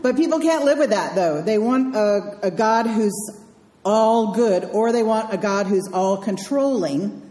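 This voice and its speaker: A woman's voice: medium pitch, unhurried, mellow. Wry woman preaching in an echoey hall. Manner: wry, dryly humorous asides. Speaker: minister. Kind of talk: conversational sermon.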